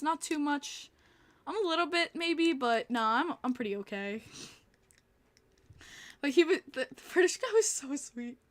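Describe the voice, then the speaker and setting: A woman's voice: sits high, fairly bright tone. A young woman from New York hosting a podcast, chatting casually, laughing often and answering her chat. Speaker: podcast host.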